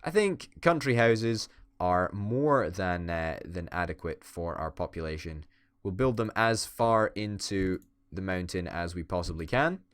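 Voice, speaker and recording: Male gaming commentator, playful mock-villain banter, low pitch, dry mic. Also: animated, a little slow, clean tone, no room sound. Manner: playful, swearing, mock-dictator bluster. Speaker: gaming YouTuber. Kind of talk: casual let's-play commentary.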